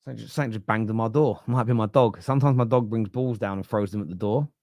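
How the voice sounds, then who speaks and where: A young man talking football from home as a pundit, answering viewer comments in a loose, animated way that trails off and restarts. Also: lowish voice, fast, dry recording, clean studio sound. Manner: animated, laughing, self-interrupting. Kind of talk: live football chat reading viewer comments. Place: home room.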